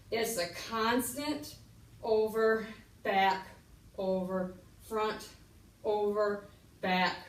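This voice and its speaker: A middle-aged woman demonstrating an exercise, talking slowly, slightly out of breath as she moves. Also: medium pitch, a bit bright, far from the mic. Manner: slow, instructive, counting out moves. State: getting winded. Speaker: fitness instructor. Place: room while exercising. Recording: echoey room, away from the mic.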